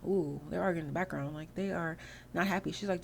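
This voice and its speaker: A woman's voice: fairly low pitch, fairly quick, gravelly, slight background noise. A woman hosting a gaming channel, giving rambling, chatty commentary over her gameplay.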